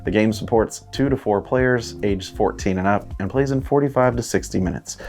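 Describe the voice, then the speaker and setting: Male host for a news roundup, steady scripted read, low voice. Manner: steady read-aloud delivery.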